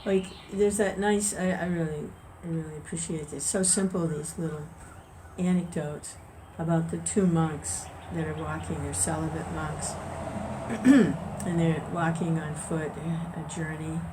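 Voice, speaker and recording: A woman's voice: deep voice, fairly even intonation, measured pace, noisy background. A woman leading an informal spiritual discussion and telling a story in a conversational way, with restarts and chuckles. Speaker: devotional discussion leader.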